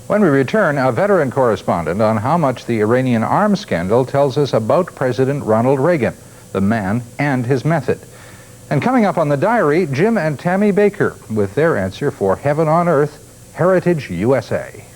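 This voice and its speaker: Male news presenter, lively intonation, scripted, 1980s broadcast tape. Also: mid-range voice, rough recording. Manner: measured, expressive reading.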